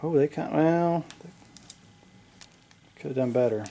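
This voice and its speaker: A man narrating his own tabletop wargame in a casual play-by-play, excitable, joking and swearing at his dice rolls, recorded in a home basement. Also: a little high, takes it slowly, creaky, background noise. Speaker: wargaming hobbyist narrating a battle report.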